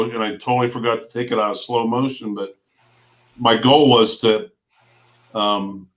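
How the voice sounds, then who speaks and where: A man chatting casually on a livestream, telling rambling stories and chuckling as he goes. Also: mid-range voice. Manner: rambling storyteller, chuckles often. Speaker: vlogger guest.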